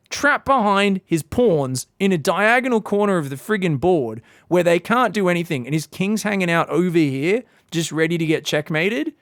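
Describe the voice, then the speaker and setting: A man's voice: sits high, a bit bright, no room sound, clean studio sound. A man casting a strategy game in casual, sarcastic commentary, rambling into profane jokes. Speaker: game caster.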